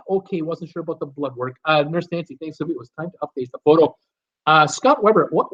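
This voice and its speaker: A middle-aged man hosting a live stream, casually reading out viewer comments and answering them with many fillers and restarts. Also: fairly high pitch. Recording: dull lo-fi stream audio.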